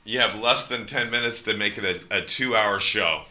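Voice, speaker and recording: A man co-hosting a casual livestream chat, telling jokey stories and tossing quick quips. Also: on the low side, bright, forceful tone. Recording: echoey room with faint noise.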